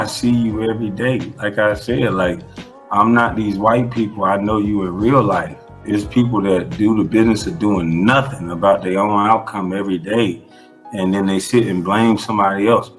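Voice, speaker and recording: Blunt, profane man with a low voice. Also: moderate pace, a bit bright, soft background music. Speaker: interview guest. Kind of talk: casual conversational interview.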